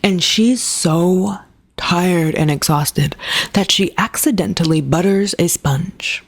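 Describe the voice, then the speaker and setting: Low, husky woman ranting about books. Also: takes it slowly. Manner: chatty, sarcastic asides. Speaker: book reviewer. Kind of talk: casual book review rant.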